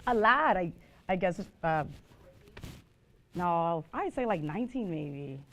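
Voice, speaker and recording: A woman's voice: fairly low pitch, very animated, slow pace, fairly bright tone, slight background noise. A woman teaching the Bible to a live group. She tells digressive stories and puts questions to her listeners. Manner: chatty, digressive storytelling, asks the audience questions.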